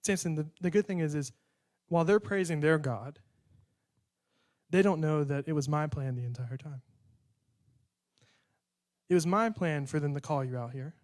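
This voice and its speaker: A man's voice: on the high side, moderate pace, pauses often, darkish tone. A young man preaching a sermon in a conversational way, acting out prayers and bits of dialogue.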